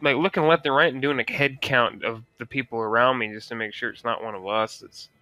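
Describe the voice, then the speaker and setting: A man's voice: mid-range voice, steady tone, brisk, pushed and bright, no room sound. A man playing a tabletop game over an online voice call, talking casually with hesitant restarts. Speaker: player.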